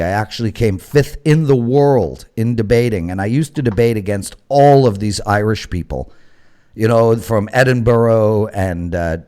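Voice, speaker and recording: A man's voice: medium pitch, darkish tone. A man from Canada hosting a sports betting talk show, joking and teasing his co-hosts. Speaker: host.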